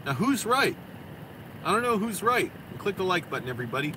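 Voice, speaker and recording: A slightly high-voiced man rambles into his phone camera, cursing freely as he vents. A steady air-conditioning hum runs clearly under his voice in the noisy car recording. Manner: profane, rambling, quick to vent. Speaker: vlogger. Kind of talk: rambling casual monologue.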